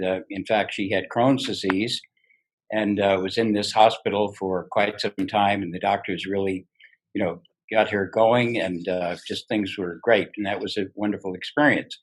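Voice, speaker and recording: A man's voice: lowish voice, poor audio. A man speaking on behalf of his late wife, hesitant and full of fillers. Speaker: honoree's husband. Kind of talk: thank-you speech.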